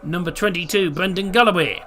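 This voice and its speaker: A man with a Teesside accent hosting a live football watchalong, chatting easygoingly with ums and restarts, and reading team lineups in a steady list. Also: high voice, brisk, slight background noise. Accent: Teesside English. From Middlesbrough, England. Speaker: watchalong host.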